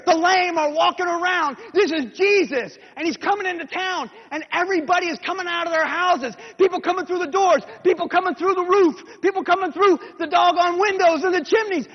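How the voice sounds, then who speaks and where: A man preaching a sermon as a dramatic story, acting it out and swinging from hushed whispers to shouted calls. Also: very high-pitched. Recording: dull lo-fi recording in a reverberant hall.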